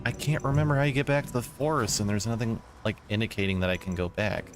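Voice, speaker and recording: A man's voice: fairly low pitch, expressive, fast talker. A man livestreaming a video game, chatting casually and rambling with lots of fillers. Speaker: game streamer. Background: game music.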